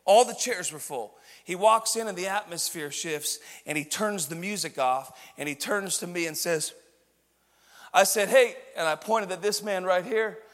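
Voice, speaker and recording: A man preaches a storytelling sermon, his voice pitched high and bright for a man. He swings from quiet, confiding asides to loud, driving emphasis. A long reverb rings around him in a large church hall. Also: normal speed. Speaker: pastor.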